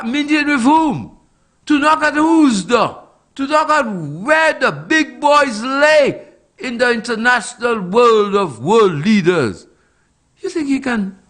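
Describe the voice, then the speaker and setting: A middle-aged man with a strikingly high, bright voice delivers impassioned political commentary. He talks slowly and with heavy emphasis, piling up rhetorical questions while his pitch leaps up and down. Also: lively intonation.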